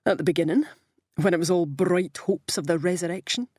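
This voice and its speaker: A woman reading the lines of a cheerful, caring husband in a soft, wry way. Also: on the low side, fairly even intonation, moderate pace, dry recording, clean studio sound, lightly acted.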